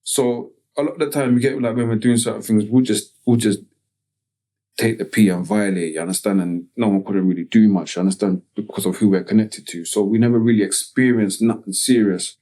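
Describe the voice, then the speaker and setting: A man from Tottenham with a North London accent, telling a personal story as a podcast guest in slangy, halting speech full of "you get me" tags. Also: lowish voice, steady tone, mellow. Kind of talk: casual storytelling interview.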